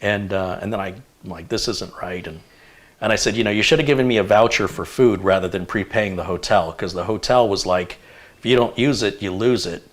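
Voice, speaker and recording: A man's voice: fairly low pitch, brisk. A man from the United States hosting a live tech stream, chatting casually and telling long rambling stories. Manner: rambling anecdotal storyteller.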